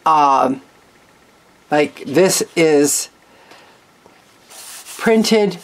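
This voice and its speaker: Low-voiced, unhurried woman crafter. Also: expressive. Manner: chatty, meandering, frank asides. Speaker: craft channel host. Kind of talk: casual craft show-and-tell.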